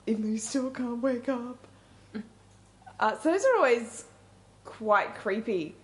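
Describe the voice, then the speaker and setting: A woman hosting a community radio show, relaxed and leading the segment, reading out listener feedback. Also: a little high, unhurried. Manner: relaxed, runs the segment and reads out listener feedback and station idents. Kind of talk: casual radio chat.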